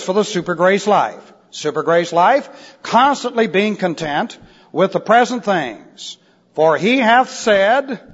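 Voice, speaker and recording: A man teaching a sermon from the pulpit, explaining Greek verb forms deliberately and spelling words out letter by letter. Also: high voice. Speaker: pastor. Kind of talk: expository Bible teaching sermon. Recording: dull lo-fi recording in a reverberant church hall.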